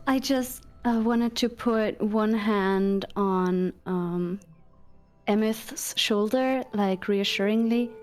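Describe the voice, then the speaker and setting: A woman playing a tabletop role-playing game, speaking gently and hesitantly. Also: mid-range voice, drawn-out words. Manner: gentle, hesitant, soft-spoken. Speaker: player.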